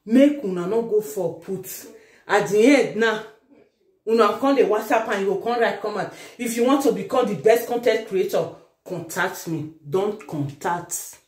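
A woman with a Nigerian accent giving casual commentary to her followers as a vlogger. She is animated and teasing, swinging between loud exclamations and low asides. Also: normal speed. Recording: echoey room.

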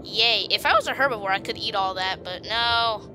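A woman giving casual, excitable commentary on her gameplay, taunting creatures on screen and giggling often. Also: medium pitch, normal speed, noisy background. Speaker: gaming video host.

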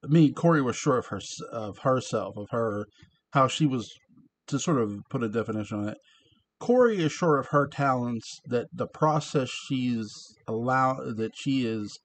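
A man's voice: medium pitch, lively intonation, normal speed, dry recording. A man casually reading a book aloud, stumbling on words and breaking off into chatty asides. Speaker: reader of a book. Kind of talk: casual read-aloud narration.

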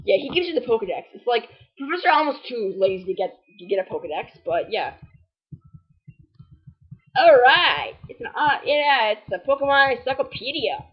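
A woman's voice: on the high side, very animated, normal speed, husky. A woman giving casual, rambling and playfully snarky commentary while playing a video game. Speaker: gamer recording a walkthrough. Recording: dull lo-fi recording.

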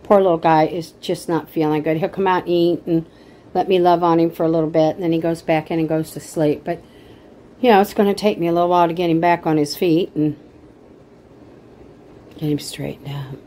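A middle-aged woman talks to her phone camera at home in a low, mellow voice. She rambles in a casual, emotional way, turning indignant now and then, with a faint hiss behind her. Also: steady tone, brisk, low-quality recording. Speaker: vlogger.

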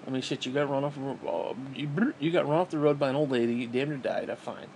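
A man's voice: mid-range voice, a little fast, a little mellow, slight background noise. A man venting in a bitter, profane, rambling monologue to camera as a vlogger, often restarting his sentences.

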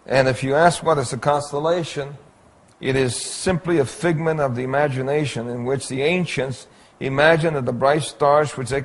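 A man giving an illustrated Bible lecture, pointing out details on slides in a slow, deliberate way. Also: mid-range voice. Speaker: Bible teacher.

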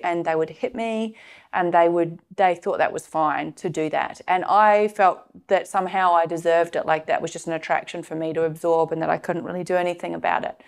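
Earnest low-voiced woman, clear. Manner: earnest and confessional, with many fillers and restarts. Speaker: course presenter sharing a personal case study. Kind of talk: personal teaching talk.

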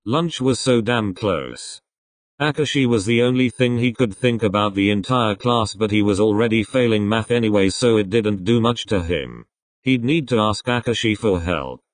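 A man reading a fan-written text-chat story aloud, in an animated storytelling manner. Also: on the low side, no room sound. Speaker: reader.

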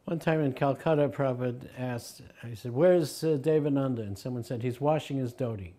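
An older man with a mellow, mid-range voice speaks briskly with few pauses in an interview. He recalls his teacher through anecdotes and chuckles as he acts out the voices he quotes.

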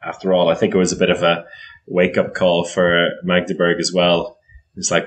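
Male podcast co-host, very deep voice, relaxed conversational commentator. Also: normal speed. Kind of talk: casual chat.

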